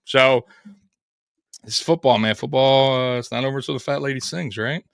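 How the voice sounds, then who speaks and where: A man's voice: mid-range voice, normal speed, gravelly, a bit bright, dry recording, clean studio sound. A man co-hosting a live sports show, talking casually, profane and rambling.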